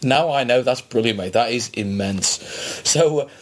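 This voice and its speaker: A man's voice: medium pitch, normal speed. A man from England hosts a loose, casual podcast interview. He talks to his guest in an enthusiastic, jokey, matey way. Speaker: podcast host.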